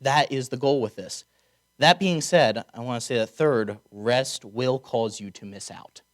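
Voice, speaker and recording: A man preaching a conversational sermon, slowing down to stress key words and dropping wry asides. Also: medium pitch. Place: chapel or auditorium.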